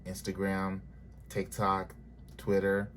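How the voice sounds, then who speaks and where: Male reviewer, lowish voice, sassy and blunt, casual vlog recap. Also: completely flat delivery, takes it slowly, fairly bright tone, slight background noise. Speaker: TV show reviewer.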